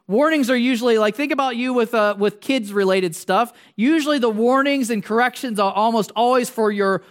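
A man's voice: very high-pitched, a little fast, clean tone. A man preaching a sermon as a pastor. He talks conversationally, asks the congregation questions and jokes his way through tangents. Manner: casual, joking, wanders into tangents.

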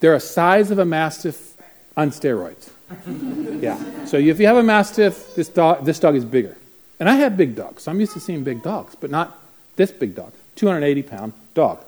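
A man speaks to a live group in a classroom, telling a long story and acting out the voices of the people in it. His pitch swings a lot as he talks, and his voice sits a bit higher than most men's. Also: moderate pace. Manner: animated, acts out voices in his stories.

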